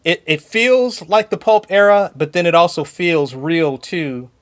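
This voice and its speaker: A man co-hosting a podcast, chatting enthusiastically and laughing often between points. His voice sits a little higher than most men's. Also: unhurried. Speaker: podcast co-host. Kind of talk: casual chat.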